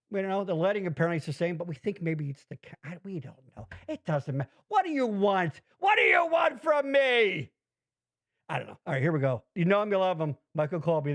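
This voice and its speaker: A man's voice: sits high, no echo. A man hosting a live-streamed show, rambling and swearing in casual chat. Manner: rambling, swears freely, animated. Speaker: podcast host.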